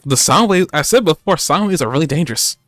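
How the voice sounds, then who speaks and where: A man's voice: on the high side, animated, quick pace, fairly bright tone, no echo, soft background music. Rambling man recapping anime, dry mic. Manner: rambling, joking, many fillers. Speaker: podcast co-host. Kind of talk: casual anime recap chat.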